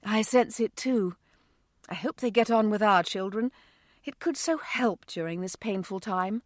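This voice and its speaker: A woman voicing a warm, caring mother who speaks earnestly. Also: mid-range voice, unhurried, no room sound, clean studio sound, natural voice.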